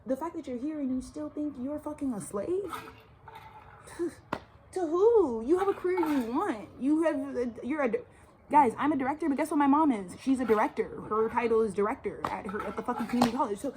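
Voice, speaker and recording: A woman's voice: high-pitched, brisk, noisy background. A woman in her twenties from Texas, ranting emphatically in a casual, profane, slang-heavy monologue outdoors by a suburban yard. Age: 20s. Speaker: vlogger. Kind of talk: casual spiritual rant.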